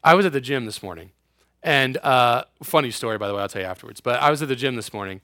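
A man's voice: medium pitch, expressive, fast talker, sharp tone, no echo, clean studio sound. A young man preaching a sermon in a casual, joking way, acting out quotes and using sarcasm. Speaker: youth pastor.

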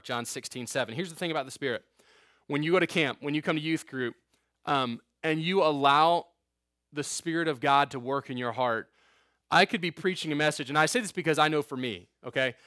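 A man's voice: medium pitch, fairly bright tone, dry recording, studio quality. A man preaching a sermon as a youth pastor, conversational, with joking asides and frequent "okay?" check-ins.

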